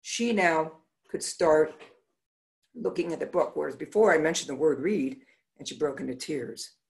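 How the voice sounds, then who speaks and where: A woman's voice: low voice, normal speed, vocal fry. A middle-aged woman optometrist giving a conference talk, telling patient stories and acting out the dialogue. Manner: animated, acts out patients' dialogue.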